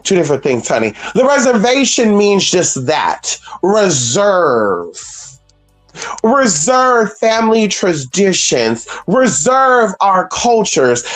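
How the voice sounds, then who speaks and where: Livestream host, lively swooping pitch, blunt, swears, high yelps then low asides, faint music underneath. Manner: animated, swinging from high exclamations to low asides; salty and blunt, swears freely. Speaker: spiritual channel host. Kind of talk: casual livestream talk to viewers.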